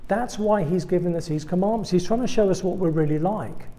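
An English man preaching to a room of students, slipping self-deprecating jokes between his points. His voice sits a bit high for a man but sounds mellow and warm rather than bright. He keeps a wry, conversational sermon tone throughout. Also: brisk. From England. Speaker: guest preacher.

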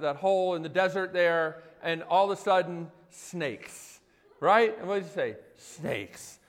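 Animated male preacher in a reverberant hall. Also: high voice. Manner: animated, conversational, asks the audience questions. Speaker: pastor. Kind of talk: sermon.

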